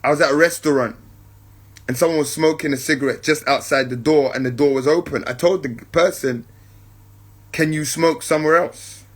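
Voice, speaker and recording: Speaking in a medium-pitched voice with a breathy edge, a man hosts a spiritual podcast, talking reflectively without hurry. He keeps checking in with listeners he calls family and repeats points to drive them home.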